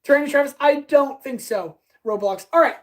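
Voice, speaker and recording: High-voiced chatty woman. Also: rough recording. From Canada. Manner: chatty, talks fast, answers chat eagerly. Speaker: blacksmith streamer. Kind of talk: live-stream chat while working. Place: workshop with power tools.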